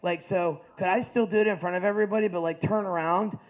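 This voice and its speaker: A hulking, dim teenage football player, put on by a man telling a story, mumbles and halts with nervous ums. The voice sits low and slow, and the recording is thin and phone-like. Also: fairly even intonation, noisy background, close to an everyday voice. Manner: hesitant, halting with ums and uhs. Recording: tinny phone-like sound.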